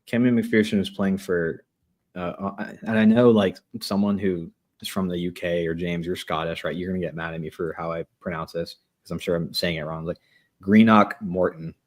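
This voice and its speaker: A man hosting a sports podcast in a relaxed, joking, chatty way. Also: low-pitched, normal speed. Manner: relaxed, joking, upbeat sign-off. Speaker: podcast host. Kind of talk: casual podcast chat.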